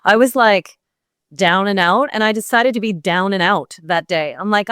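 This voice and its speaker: Blunt, lively woman from Canada, smooth voice. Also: mid-range voice, a little fast, no room sound, studio quality. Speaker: podcast guest, golf pro and fitness creator. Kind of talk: casual interview chat.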